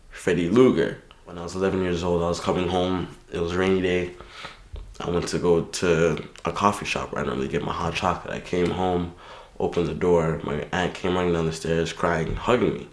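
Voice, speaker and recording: Krump dancer man, very low voice, echoey room, animated then subdued. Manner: animated when telling battles, low and subdued about his past. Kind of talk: interview storytelling. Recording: roomy echo.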